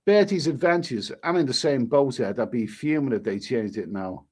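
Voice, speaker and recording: A man's voice: mid-range voice, expressive, normal speed, darkish tone. A man hosts a travel live stream and reads viewer comments aloud. He rambles and repeats himself, with mild swearing and an exasperated edge. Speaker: travel vlogger reading live chat.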